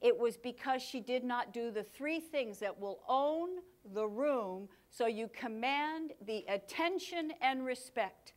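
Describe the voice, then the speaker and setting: A woman giving a live workshop talk to an audience, with an energetic, punchy delivery and dramatic pauses. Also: on the high side. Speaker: communication speaker.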